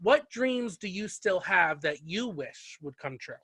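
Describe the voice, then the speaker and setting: A male interviewer with a high, bright voice, recorded close and dry with no room sound. He talks in a chatty, story-telling way, warm to his guest. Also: lively intonation, a little slow, husky, dry recording. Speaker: interviewer, host. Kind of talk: casual interview.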